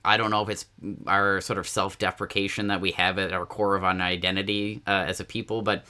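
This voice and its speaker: Chatty bright-voiced Nova Scotian man. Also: deep voice, brisk. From Nova Scotia, Canada. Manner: chatty storyteller, animated quoted asides, many fillers and restarts. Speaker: podcast guest. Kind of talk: casual conversational interview.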